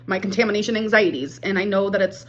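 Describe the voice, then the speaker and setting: Fast-talking woman vlogger, muffled audio. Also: mid-range voice. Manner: breezy, rapid talk to viewers. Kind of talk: casual vlog chat.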